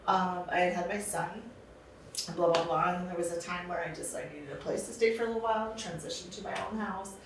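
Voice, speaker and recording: A middle-aged woman spins funny stories in a relaxed talk, laughing often. Her voice sounds far from the microphone, with a strongly roomy echo and a faint hiss of noise behind it. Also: fairly low pitch, fast talker. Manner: lively storyteller, laughs often. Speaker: guest, show co-host. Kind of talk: casual podcast chat.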